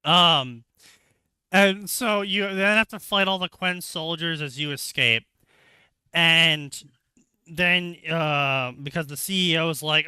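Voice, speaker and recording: A man with a clear, bright voice retells a game story at a slow, relaxed pace. He laughs often and slips into goofy voices for the characters. He sits close to a dry mic. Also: a little high, no echo. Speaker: co-host recounting a game plot. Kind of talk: comedic casual retelling with acted quotes.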